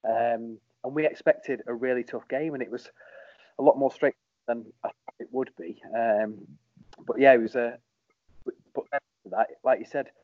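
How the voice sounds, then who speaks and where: Rambling ex-footballer telling stories on a dull line. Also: male voice, medium pitch, normal speed, no room sound. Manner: animated, rambling, lots of ums. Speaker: former football captain, guest. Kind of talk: casual storytelling interview.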